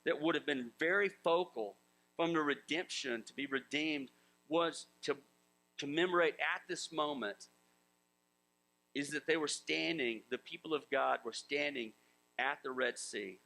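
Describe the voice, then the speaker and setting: A man preaches in a relaxed, conversational way and keeps acting out the voices of biblical figures. His voice sits a little high and bright, with a gravelly edge. A low mains hum runs under the recording. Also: a little slow, low-quality recording. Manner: conversational, acts out biblical voices, chuckles often. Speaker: pastor. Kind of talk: sermon.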